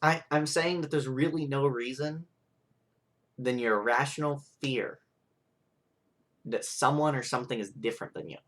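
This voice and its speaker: A young man vlogger speaks at medium pitch and normal speed in a bit bright voice, pausing often. His monologue is a frustrated, rambling rant packed with "like" and "right?" tag questions.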